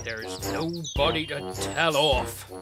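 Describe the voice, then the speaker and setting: A man's voice: fairly high pitch, takes it slowly, loud music behind the voice. A pompous toy policeman. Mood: officious. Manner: pompous, officious. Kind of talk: cartoon voice acting.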